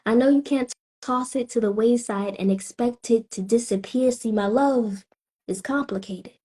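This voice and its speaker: A spoken word poet from Tampa, Florida, a woman with a Southern accent, delivering her lines in a slow, rhythmic way with weighty pauses. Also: a little high, dark tone, breathy edge. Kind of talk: spoken word poetry performance.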